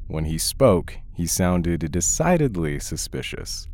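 A man narrating a horror story in a measured, storytelling way. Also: deep voice, expressive, a little mellow. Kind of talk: scripted audiobook narration.

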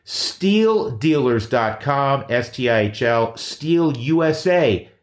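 A man hosting his own podcast, reading ads and chatting in an energetic, emphatic way that repeats key phrases. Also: medium pitch, slow pace, roomy sound. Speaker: podcast host. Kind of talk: casual chat and live ad reads.

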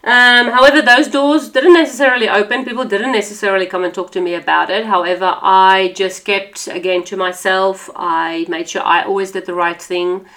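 A woman's voice: mid-range voice, steady tone, normal speed, hardly any pauses, sharp tone. A woman from South Africa hosting a faith podcast, sharing her personal testimony in an earnest, conversational way with frequent fillers. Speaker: podcast host.

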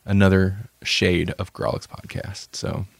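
A man with a fairly low voice hosts a podcast in loose, joking chat, rambling and laughing often. The sound is dry and close, with no room echo. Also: level tone, unhurried, creaky. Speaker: podcast host. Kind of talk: casual chat.

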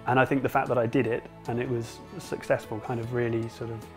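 A man reflects on his work in a relaxed interview, stopping often and circling his words. His voice sits at a middle pitch, and soft music plays behind him. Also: quick pace. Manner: hesitant, many fillers. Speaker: illustrator.

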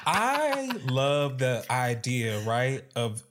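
A man hosting a casual chat, telling lively stories with acted-out quotes, frequent laughter and plenty of swearing. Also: medium pitch, very slow, slight background noise. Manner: animated storytelling, acts out quotes, laughs often, swears freely. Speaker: podcast host.

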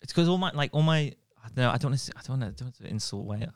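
A man co-hosting a casual podcast, with a clear, smooth voice that swoops up and down as he rambles. He keeps stopping and restarting his sentences. The mic is close and the sound is dry. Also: medium pitch, animated, rapid-fire, no room sound. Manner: rambling, self-interrupting, giggly. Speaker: podcast co-host. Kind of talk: casual chat, doing accent impressions.

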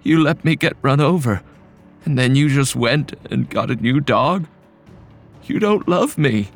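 A man's voice: mid-range voice, expressive, measured pace, soft background music, voice pushed up. A man voicing the ghost of a dead dog that moans and whines, accusing and cruel. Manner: moaning, whiny, cruel.

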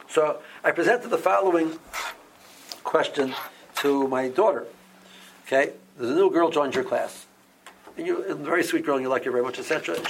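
A man leading an informal Torah class, often restarting phrases and growing lively as he explains. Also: a little high, vocal fry, slight background noise.

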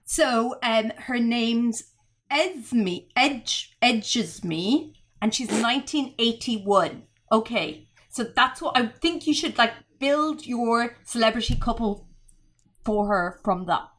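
A woman's voice: fairly high pitch, lively intonation, slow pace, a bit bright. A woman with an Australian accent hosting a podcast, chatting casually and gushing with enthusiasm. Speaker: podcast host. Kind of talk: casual chat.

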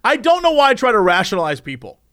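Young man, casual podcast co-host; high, sing-song storyteller who jumps into shrill shouted impressions. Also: quick pace, clear, resonant tone, no room sound, studio quality. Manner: animated, acts out people in shrill shouts.

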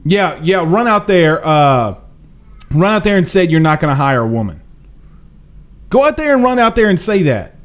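A man hosting a live sports talk show, reading viewer comments in an emphatic, animated, slangy way. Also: on the high side. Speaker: host.

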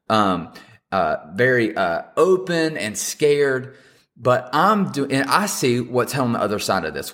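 A man's voice: medium pitch, fairly bright tone. A young man preaching a casual, conversational sermon as a pastor, earnest and encouraging, then praying. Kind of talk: casual sermon with closing prayer.

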